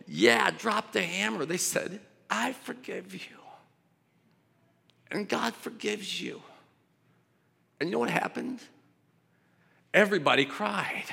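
A male pastor delivers a sermon in a conversational, off-the-cuff way, circling back and restarting his thoughts. His voice sits slightly high for a man. It rings out with a long hall echo behind it. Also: vocal fry, a bit bright. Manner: conversational preaching with frequent restarts and asides.

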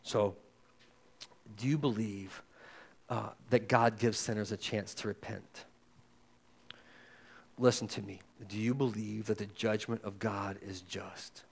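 A man preaching a sermon as pastor, talking straight to his listeners and swinging between loud and hushed. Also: fairly low pitch, fairly even intonation, takes it slowly, gravelly, long pauses, breathy edge. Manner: conversational, addresses listeners directly.

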